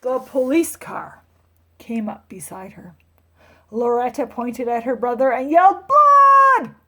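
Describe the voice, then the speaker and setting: A woman teacher reading a picture book aloud to children, with expressive storytelling. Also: fairly high pitch, measured pace.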